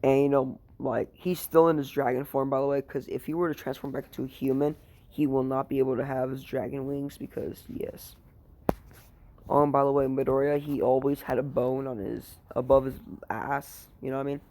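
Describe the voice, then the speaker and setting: A man's voice: mid-range voice, level tone, normal speed, darkish tone. A tired young man improvising a fan story, rambling and crude, full of fillers and swearing. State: tired, sleepy.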